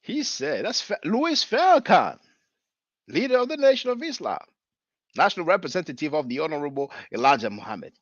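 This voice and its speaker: Guy talking over clips, mocking tone, bouncy pitch, dry dull lo-fi sound. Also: very animated, fairly quick, dry recording. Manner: mocking, chatty, lots of fillers. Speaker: commentator. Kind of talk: casual commentary on clips.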